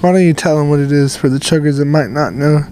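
A young man co-hosting a loose podcast chat, rambling and swearing freely and leaning on filler words. His voice sits a little high for a man but has a dark, mellow tone. A faint hiss runs under the recording. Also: fairly even intonation, quick pace, low-quality recording. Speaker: podcast co-host. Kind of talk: casual chat.

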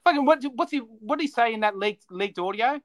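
A man's voice: very high voice, animated, a little fast. A man, co-hosting a casual podcast and ranting with heavy swearing. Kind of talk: casual chat.

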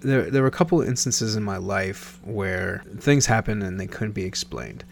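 Man, thirties, from Nebraska; low gravelly voice; casual rambling storyteller who self-corrects often; faint hum in background. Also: animated, normal speed. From Nebraska, USA.

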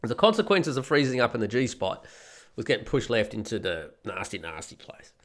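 A middle-aged man hosts a podcast, rambling through a profane story in a casual monologue while fighting a head cold. His mid-range voice moves briskly and swings widely in pitch.

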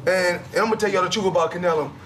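A man's voice: sits high, steady tone, rapid-fire, fairly bright tone, a little hiss or hum, voice pushed up. A man voicing a boastful male boxer who mocks a past opponent, laughing as he brags.

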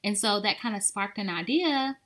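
A woman's voice: medium pitch, lively intonation, moderate pace, fairly bright tone. A woman co-hosting a podcast in a casual, rambling chat, with lots of "like" fillers. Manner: chatty and rambling, with many "like" fillers. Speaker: podcast co-host.

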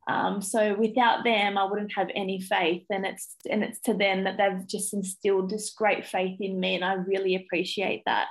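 A woman's voice: medium pitch, flat delivery, moderate pace, hardly any pauses, low-quality recording. A young Australian woman, a primary school teacher, talking as a podcast guest, getting emotional and tearful, with many ums. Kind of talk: casual interview chat.

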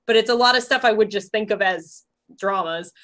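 A woman's voice: medium pitch, brisk, a bit bright. A woman co-hosting a casual chat about TV, chatty and full of fillers, with trailing thoughts.

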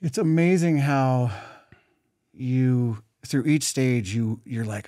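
Reflective man with a lowish voice. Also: steady tone, a little slow, a little mellow, dry recording, studio quality. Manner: reflective, wistful, thinks aloud. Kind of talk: casual podcast conversation.

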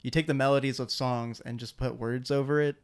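A man's voice: fairly quick, clean tone. A man chatting casually as a podcast co-host, telling stories animatedly with lots of fillers. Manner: animated storyteller, many "like" fillers, jumps into high mimicking voices. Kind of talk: casual chat.

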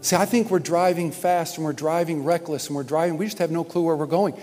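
A man preaching a sermon as pastor, impassioned, swinging from shouts down to quiet, probing questions. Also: on the high side, steady tone, brisk. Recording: music and long hall reverb.

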